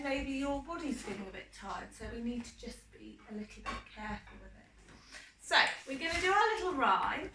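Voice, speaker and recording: A woman with an English accent, a primary school teacher, gently guiding children through a yoga lesson with slow, step-by-step instructions. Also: high voice. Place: indoor room. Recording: roomy, distant mic, faint noise.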